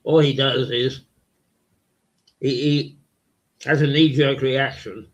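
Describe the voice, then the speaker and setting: An older man, a local TV host, presents a local webcast in a slow, halting, rambling monologue full of fillers and repeats. His mid-range voice is croaky and gravelly with fairly even intonation, and the webcast audio sounds dull and lo-fi.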